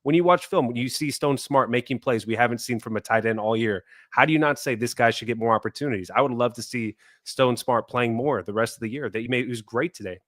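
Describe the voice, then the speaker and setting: A man's voice: medium pitch, fast talker, hardly any pauses, fairly bright tone, no echo, clean studio sound. A man co-hosting a sports fan podcast, venting his frustration heatedly in casual chat. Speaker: podcast co-host.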